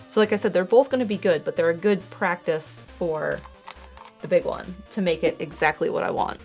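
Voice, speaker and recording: A woman's voice: lowish voice, expressive, moderate pace, darkish tone, soft background music. A young woman streaming her art, chatting casually and explaining her painting steps as she works. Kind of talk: casual chat while painting.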